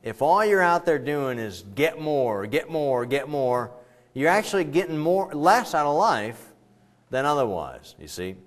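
A man preaching a sermon in a church, talking with the congregation, asking them questions and swinging between loud and quiet delivery. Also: fairly high pitch, big pitch swings, measured pace. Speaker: pastor.

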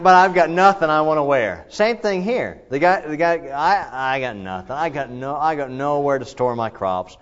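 A man preaching a conversational sermon, asking his listeners questions and adding his own asides. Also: medium pitch. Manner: conversational, animated, asks the congregation questions. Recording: slightly dull lo-fi recording.

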